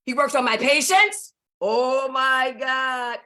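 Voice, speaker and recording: A woman's voice: high voice, slow, bright, forceful tone. A woman giving a fervent, preacher-like testimony on a video call, repeating phrases for emphasis. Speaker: guest speaker.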